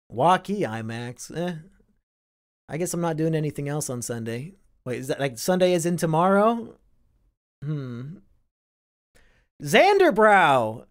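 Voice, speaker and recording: A man's voice: on the high side, clear, resonant tone. A young man from Iowa hosting a casual live stream, reading and answering chat with sardonic, profane banter.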